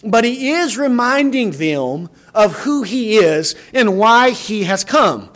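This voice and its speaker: High-voiced man preaching earnestly. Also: very animated, slow pace, fairly bright tone. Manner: earnest, repeats words and restarts phrases. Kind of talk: sermon.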